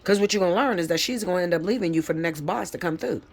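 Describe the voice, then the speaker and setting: A woman giving a live tarot reading, lecturing her viewers bluntly and with plenty of swearing. She turns emphatic and leaps up high when she gets fired up. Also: rapid-fire. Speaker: tarot reader.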